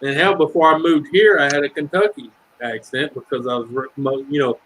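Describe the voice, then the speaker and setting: A man's voice: on the high side, fairly even intonation, fairly quick, a bit bright, a little hiss or hum, poor audio. A middle-aged man with a Southern US accent, chatting casually and rambling, swearing freely and trailing off. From Ohio. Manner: rambling, swears freely, breaks into singing lines. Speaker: livestream chat guest. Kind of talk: casual chat.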